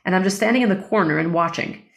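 A woman's voice: lowish voice, very fast, vocal fry. Earnest woman telling a story. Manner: earnest, animated storytelling with acted-out quotes. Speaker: guest. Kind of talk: storytelling interview.

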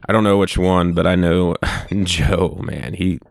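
A young man in his twenties casually telling a profane, animated story on a podcast. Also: low-pitched, a little slow, creaky, dry recording, clean studio sound.

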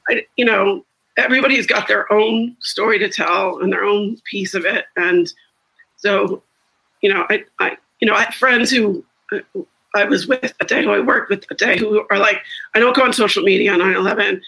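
A woman from the United States talks in a loose group conversation over a video call. She thinks out loud, breaks off and restarts her sentences, and her voice is bright. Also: medium pitch, fairly even intonation, moderate pace, creaky, breathy edge, poor audio. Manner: reflective, many restarts. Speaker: guest.

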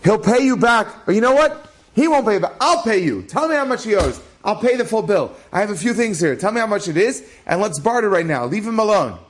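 A man's voice: fairly high pitch, fast talker, hardly any pauses, a little mellow, lightly acted. A man voicing an earnest young male scholar who pleads urgently. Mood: pleading. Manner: urgent, imploring.

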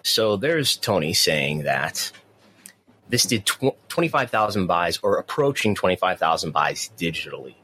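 Deep-voiced man chatting casually. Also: lively intonation, normal speed, pushed and bright, a little hiss or hum. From near the US–Canada border. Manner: rambling with frequent restarts. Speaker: podcast co-host. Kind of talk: casual wrestling news chat.

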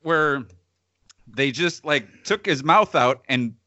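A man's voice: fairly high pitch, lively intonation, slow pace, bright, forceful tone, no echo, muffled recording. A man in casual chat, co-hosting and reviewing films, sardonic and often laughing between phrases. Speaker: podcast co-host reviewing films.

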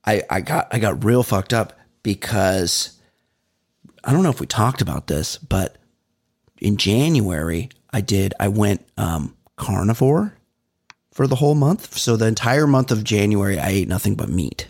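A man's voice: a little slow, slightly rough. A middle-aged man co-hosting a comedy podcast in casual chat, acting out little exchanges with big swings in his voice. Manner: animated, acts out exchanges with big pitch jumps. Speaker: podcast co-host.

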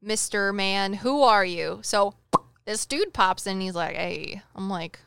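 A woman's voice: mid-range voice, takes it slowly, gravelly, clear, resonant tone, no echo. A woman co-hosting a chat show as a psychic medium, telling a story with jokes and acting out the dialogue. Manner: animated, jokey, acts out dialogue in quotes. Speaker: podcast co-host, psychic medium.

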